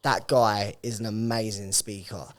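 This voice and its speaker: A man's voice: fairly low pitch, level tone, measured pace, crowd noise. A man co-hosting a podcast, telling stories in casual, chatty talk with the odd swear word. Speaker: podcast co-host.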